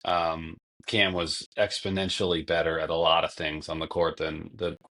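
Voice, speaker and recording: A young man with a fairly low voice talks casually as a podcast guest. He tells long stories and often acts out what others said. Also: level tone, normal speed, sharp tone. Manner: long-winded storytelling, acts out quotes. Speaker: podcast guest, former basketball player. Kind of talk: casual conversation.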